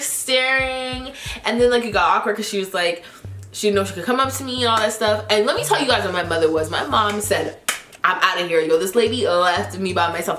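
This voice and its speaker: A woman vlogger telling stories to her viewers in a chatty, animated way, full of filler words. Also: mid-range voice, reverberant. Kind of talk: casual storytelling to camera.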